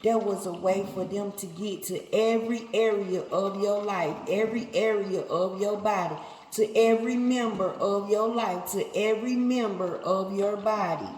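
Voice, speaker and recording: A woman's voice: mid-range voice, a little mellow. A woman preacher delivering a sermon, emphatic and repetitive, talking straight to her listeners. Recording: echoey hall, faint ambience.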